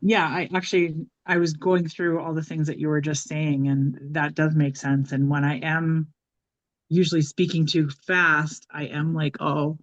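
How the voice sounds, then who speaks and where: A woman host answers her guest in short, agreeing remarks. Her voice stays level and flat. The sound is dull and lo-fi, like a remote call. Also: deep voice, measured pace.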